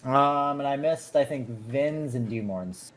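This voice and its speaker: A man running a tabletop game as game master, narrating casually in a halting way with many filler words. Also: medium pitch.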